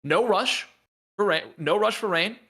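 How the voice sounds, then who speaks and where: A man co-hosting an esports podcast, excitable and joking as he argues his picks. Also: high voice, unhurried. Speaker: podcast co-host and esports caster. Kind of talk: casual esports podcast chat.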